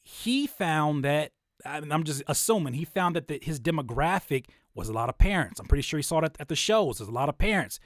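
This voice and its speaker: A young man talking casually about making videos, animated and loose with plenty of restarts. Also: fairly high pitch, brisk, dry recording, clean studio sound. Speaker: YouTuber and rapper giving creator advice. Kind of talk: casual livestream-style talk.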